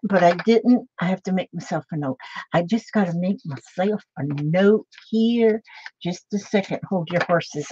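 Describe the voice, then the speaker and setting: Older lady rambling on her craft stream, lowish voice, kinda muffled dry audio. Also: a little mellow, a little hiss or hum. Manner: rambling, chatty, greets viewers by name. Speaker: crafting livestream host. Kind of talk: casual livestream chat. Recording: dull lo-fi dry sound.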